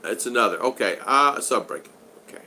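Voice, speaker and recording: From his home in the Philippines, a man in his sixties hosts a relaxed live stream, chatting loosely at a normal speed, reading out and answering viewer comments, and teasing his regulars in a friendly way. His voice is lowish yet bright and forward, with a faint hiss under the recording.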